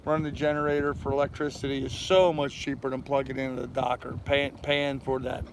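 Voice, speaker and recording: A man's voice: mid-range voice, little pitch movement, a little fast, gravelly, a little hiss or hum, low-quality recording. An older man hosting a casual livestream from his sailboat, rambling along in a folksy way and greeting chat viewers by name. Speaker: channel host. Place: aboard a sailboat on a mooring.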